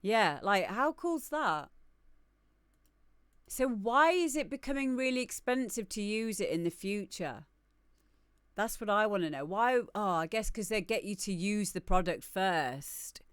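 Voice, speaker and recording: A woman's voice: mid-range voice, animated, unhurried, fairly bright tone, clear, resonant tone, no room sound, studio quality. A woman with a British accent hosting a live music stream, chatting casually as she reacts to a video. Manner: easygoing, reacting aloud to a video.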